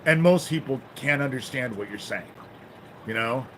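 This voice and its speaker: Brief: man, mid-pitched voice, angry profane livestream rant, faint noise in the background. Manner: fills pauses with "you know?". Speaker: livestream host. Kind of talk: livestream monologue.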